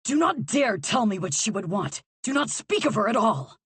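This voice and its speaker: A woman voicing a cold, sardonic young male villain who talks flatly and without feeling. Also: a little high, moderate pace, breathy edge, dry recording, heavily acted. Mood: bitter. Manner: flat, deadpan, numb.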